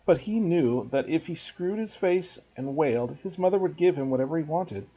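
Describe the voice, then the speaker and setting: Man reading a story aloud to a class, expressive, husky voice, muffled lo-fi sound. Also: fairly high pitch, normal speed. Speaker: teacher reading to students. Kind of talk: storybook read-aloud narration.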